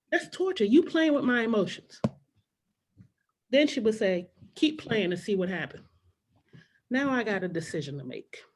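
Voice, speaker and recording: On a club stage, a middle-aged woman with a medium-pitched voice performs stand-up, telling stories from her childhood. She acts out both her mother and her younger self.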